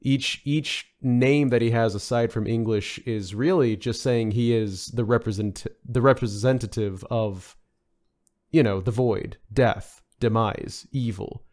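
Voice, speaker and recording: A man's voice: mid-range voice, measured pace, darkish tone. Man musing, lots of fillers. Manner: rambling, many fillers and restarts. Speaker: podcast guest. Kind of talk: casual podcast discussion.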